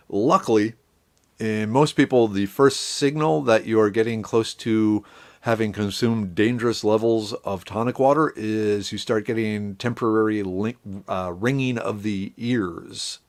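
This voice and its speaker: Middle-aged man, low voice, relaxed rambling live stream chat, cheerful greetings to viewers. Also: clear, resonant tone.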